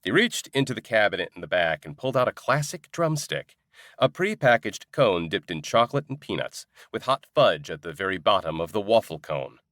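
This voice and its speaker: A man's voice: lowish voice, very animated, a little fast, fairly bright tone, no echo, clean studio sound. A man narrating a comic fantasy audiobook in the first person, with a wry, sardonic storytelling manner.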